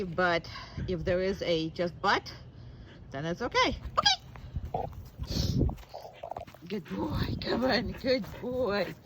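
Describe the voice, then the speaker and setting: A dog trainer explains a training drill in a loose, conversational way, with a voice of middling pitch. A faint hiss sits under the talk. Between explanations the trainer's voice leaps up into squealing baby-talk praise for the dog. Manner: chatty, explains while working a dog. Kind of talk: casual training demo.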